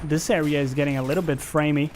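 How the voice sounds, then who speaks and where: A man's voice: on the high side, fairly even intonation, fast, over music. A male game streamer giving casual, sarcastic, profane live commentary while playing and chatting with viewers.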